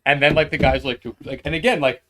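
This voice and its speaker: A man's voice: on the high side, fast talker, noisy background. A man co-hosting a casual podcast, telling a story with lots of laughter and acted-out quotes. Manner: animated storyteller, acts out quotes, laughs often. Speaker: podcast co-host.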